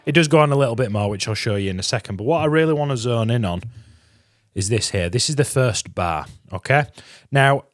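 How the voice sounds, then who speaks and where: A man's voice: mid-range voice, lively intonation, brisk. A man teaching a guitar lesson, chatty and encouraging, counting beats aloud as he explains. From England. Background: guitar playing.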